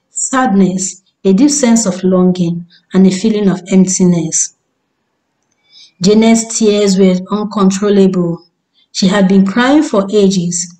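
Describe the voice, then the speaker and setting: A woman storyteller giving a measured, descriptive scripted narration. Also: medium pitch, mellow, low-quality recording.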